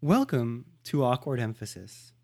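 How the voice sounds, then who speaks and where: An overeager male infomercial announcer, put on by a man as a joke with a lively, swooping delivery. He pitches like he is on a TV commercial, salesy and upbeat. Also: unhurried, vocal fry, exaggerated voice.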